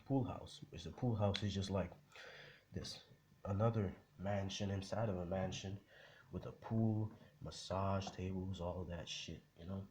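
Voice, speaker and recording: A man's voice: sits low, dark tone, a little hiss or hum. A young man casually retelling a story in a rambling, profane way, full of fillers.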